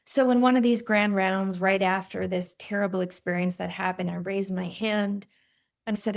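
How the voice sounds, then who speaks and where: Gravelly-voiced woman cardiologist telling stories. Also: medium pitch, moderate pace. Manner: animated, vivid storytelling with quoted voices. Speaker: cardiologist guest. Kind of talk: storytelling in a podcast interview.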